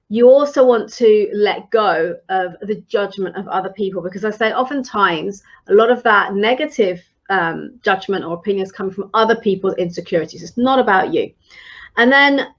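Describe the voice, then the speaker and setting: A woman's voice: mid-range voice, muffled recording. A woman leadership coach giving advice in a live-streamed talk, earnest and encouraging, with frequent ums and restarts.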